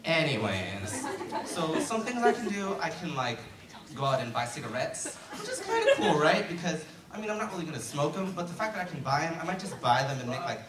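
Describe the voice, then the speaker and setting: A teenage boy in his late teens does a chatty, self-deprecating stand-up routine in a school auditorium, packed with fillers. His voice is a little high and expressive, and he talks fast. He's picked up from far off on a handheld mic on a stand, in an echoey hall with loud crowd laughter.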